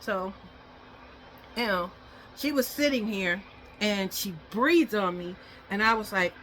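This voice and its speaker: Chatty woman with a bright voice. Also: mid-range voice, expressive, slow, slight background noise. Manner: chatty and rambling, coaxing baby talk to the dog. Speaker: dog owner vlogger. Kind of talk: casual home vlog, talking while grooming her dog.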